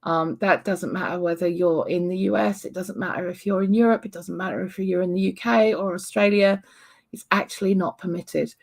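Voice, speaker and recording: A woman hosting a casual livestream, chatting with viewers and answering their comments in a relaxed, rambling way with frequent ums. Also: on the low side, gravelly. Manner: unhurried with frequent ums and small laughs. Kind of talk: casual live-stream chat.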